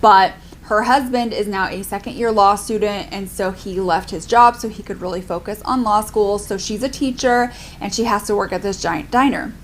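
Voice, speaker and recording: Speaking at a moderate pace with few pauses, a young adult woman reviews books in a chatty vlog, peppering her speech with "like." Her voice is mid-range, and a little hiss or hum is audible.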